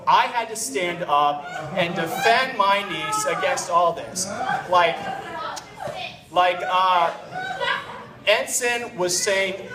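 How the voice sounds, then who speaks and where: A man's voice: sits high, lively intonation, a little slow. A man giving a rambling, joking wedding toast as the bride's uncle, heard from a distant microphone in a reception room. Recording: roomy and distant with clear room noise.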